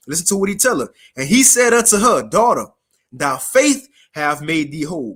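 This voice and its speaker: A man preaching a casual street sermon, reading scripture slowly and formally, then explaining it in slang and checking in with his listeners. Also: sits high, fairly bright tone.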